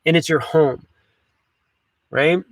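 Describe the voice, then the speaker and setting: Chill van guy rambling on a livestream, kinda high voice, dry close sound. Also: slow, dry recording. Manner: laid-back, chatty, swears casually. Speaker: van life livestream host. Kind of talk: casual livestream chat. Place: inside a camper van.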